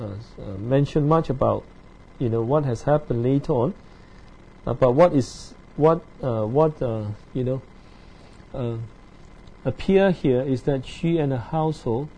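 A man leads a Bible study, reading scripture aloud and then unpacking it, stopping often with fillers and asking "yeah?" and "right?" to check in with his listeners. His voice sits a little high, yet it sounds dark and slightly husky. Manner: halting, many fillers and tag questions. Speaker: Bible teacher.

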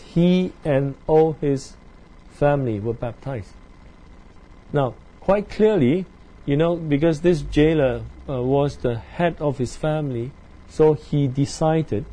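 A man leads a Bible study, reading scripture aloud and then unpacking it, stopping often with fillers and asking "yeah?" and "right?" to check in with his listeners. His voice sits a little high, yet it sounds dark and slightly husky. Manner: halting, many fillers and tag questions. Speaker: Bible teacher.

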